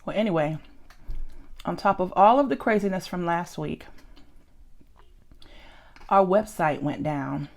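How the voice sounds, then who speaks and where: A woman's voice: fairly low pitch, unhurried, creaky, pauses often. A woman chatting casually as she eats on camera, rambling and laughing often. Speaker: mukbang vlogger. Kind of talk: casual chat while eating.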